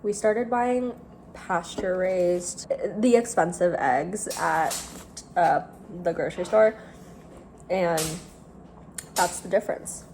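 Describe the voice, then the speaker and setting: A woman's voice: lowish voice, slow, long pauses, a little mellow. A young woman, talking candidly in a casual vlog and using many fillers like "like". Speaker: vlogger. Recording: noisy background.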